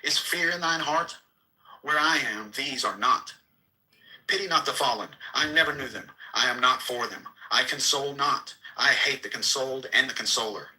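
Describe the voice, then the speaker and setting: A man giving a solemn, declamatory reading of an archaic scripture, slow and measured with sudden quicker bursts. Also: medium pitch, sharp tone, poor audio. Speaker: reader.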